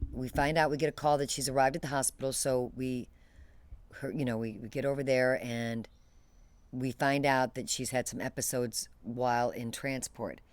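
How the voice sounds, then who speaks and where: A halting woman recounting a painful loss in an interview. Her delivery is detached and matter-of-fact, with frequent restarts and trailing phrases. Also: very deep voice, a little mellow. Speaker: interview guest. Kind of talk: emotional personal storytelling.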